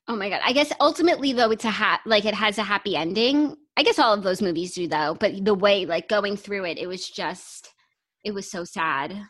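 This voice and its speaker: A woman's voice: mid-range voice, animated, fairly quick, fairly bright tone. A woman co-hosting a podcast in casual, upbeat chat, often saying "like". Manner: chatty and upbeat, uses "like" often. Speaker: podcast co-host.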